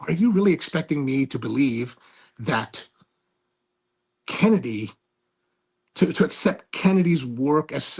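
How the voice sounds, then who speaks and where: Raspy, gravelly-voiced man rambling snarkily. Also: on the high side. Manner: rambling and snarky, with many restarts. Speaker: host. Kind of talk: casual monologue.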